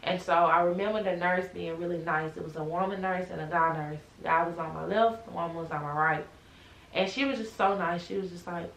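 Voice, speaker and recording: A young woman vlogging, retelling a personal story with animated emotion. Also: lowish voice, a little fast, vocal fry, roomy sound, slight background noise, rough recording.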